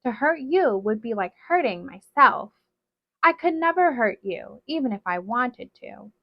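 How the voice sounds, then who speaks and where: A woman voicing a cruel, possessive witch mother who threatens and commands loudly, on a dull, dry recording. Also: a little high, animated, a little slow, no room sound.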